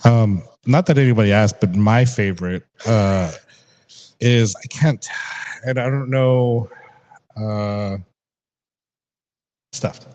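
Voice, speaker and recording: A man's voice: lowish voice, slow pace, long pauses, a little mellow, highs cut off. A young man hosting a casual interview, chatty and rambling, laughing often. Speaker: podcast host.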